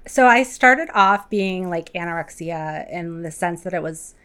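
A woman guest on a recovery podcast, talking candidly in casual chat and quick to agree. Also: fairly low pitch, animated, a bit bright, clear, resonant tone.

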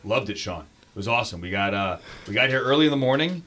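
A man in his forties, a sports broadcaster chatting as an interview guest, animated and telling stories with quick restarts. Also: mid-range voice. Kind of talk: casual interview chat.

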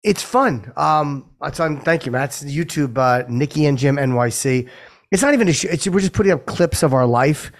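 A man co-hosting a casual podcast, easygoing and a bit hesitant as he talks. His voice sits a little high for a man. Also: normal speed. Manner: easygoing, hesitant, many fillers. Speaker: podcast co-host. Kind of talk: casual chat.

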